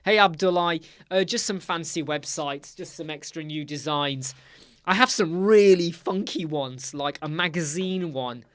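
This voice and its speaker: A middle-aged British man hosts a relaxed live chat, chatty and teasing as he calls out viewers by name. His voice sits a little high for a man. The sound is close and dry, with no room around it. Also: unhurried, no room sound. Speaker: livestream host.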